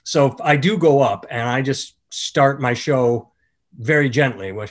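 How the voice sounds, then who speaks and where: A man hosting a podcast, a comedian telling a story in casual chat and breaking into loud, lively voices when he quotes people. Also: medium pitch, a little slow. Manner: storytelling, animated when quoting others.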